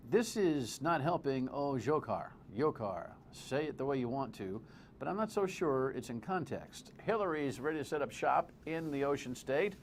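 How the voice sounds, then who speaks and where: A man's voice: mid-range voice, vocal fry, slight background noise. A male TV talk show host, delivering a wry, conversational commentary monologue full of asides.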